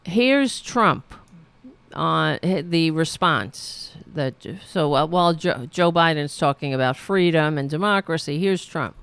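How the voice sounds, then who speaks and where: A woman's voice: deep voice, expressive, unhurried, fairly bright tone, smooth, no echo. A woman hosting a political livestream, rambling casually with many fillers while losing her voice. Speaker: host of a political livestream show.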